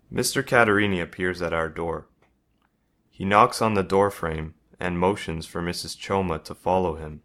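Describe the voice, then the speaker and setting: A man narrating a first-person story in a measured, even reading. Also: low voice.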